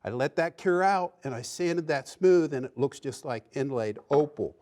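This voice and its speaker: A man's voice: on the high side, animated, moderate pace, darkish tone. A man hosting a woodworking show, demonstrating projects in a folksy, enthusiastic way. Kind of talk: instructional demonstration.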